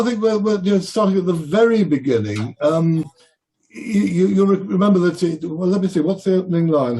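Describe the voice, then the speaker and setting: An older man, a guest writer on a casual podcast, speaks hesitantly with many restarts and fillers. His voice is high-pitched with a darkish tone.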